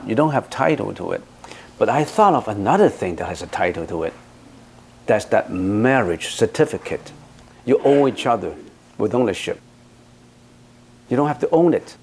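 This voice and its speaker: A man's voice: on the low side, a little hiss or hum. A man as a Buddhist teacher, giving an emphatic dharma talk that answers questions with rhetorical questions.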